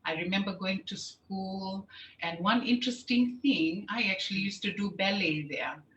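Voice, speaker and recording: A middle-aged woman from Fiji, a show host, telling her life story as an interview guest with lively storytelling. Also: mid-range voice, moderate pace, dull audio. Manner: lively, animated storytelling with laughs. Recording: echoey room, faint background noise.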